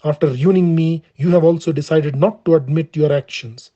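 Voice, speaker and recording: A man's voice: fairly high pitch, moderate pace, lightly acted. A man reading as a wronged proud young woman. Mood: pleading. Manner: steady earnest reading in the performer's own voice. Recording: dull lo-fi recording.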